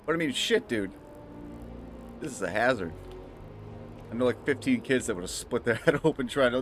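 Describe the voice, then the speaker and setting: A man with a nasal voice streaming a game, chatting casually with excitable, profane rambling. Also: mid-range voice, normal speed, pauses often, soft background music. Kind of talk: casual let's-play commentary.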